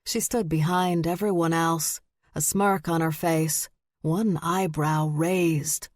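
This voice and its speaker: Woman narrator, audiobook, slow, low voice, measured, dry close sound. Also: fairly even intonation, a little mellow, no echo. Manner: measured and deliberate. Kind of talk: scripted narration.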